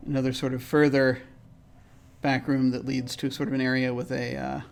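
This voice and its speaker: A man's voice: mid-range voice, level tone, moderate pace, gravelly, faint music behind. A man playing in a tabletop game and hosting the stream, telling his character's scene in a rambling way with many fillers and restarts. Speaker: player and show host. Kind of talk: casual tabletop game play.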